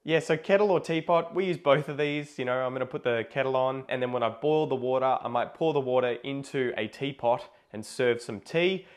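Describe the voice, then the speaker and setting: A man's voice: medium pitch, a little fast, few pauses. A man with an Australian accent teaching everyday slang, laid-back and acting out little scenes. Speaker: guest English teacher. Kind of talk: casual teaching with acted examples.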